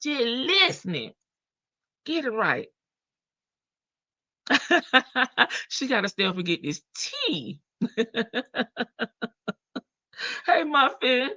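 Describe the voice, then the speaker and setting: A woman's voice: high voice, very animated, extremely slow, pauses often, sharp tone, dry recording. A woman hosting a casual livestream, greeting chat members by name in a slangy, playful way. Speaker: livestream host.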